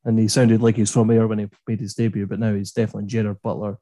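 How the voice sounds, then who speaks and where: A man's voice: lowish voice, little pitch movement, fast, warm tone, dry recording. A man with an East Coast Scottish accent, a guest comedian chatting casually on a podcast and joking at his own expense. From Scotland, East Coast.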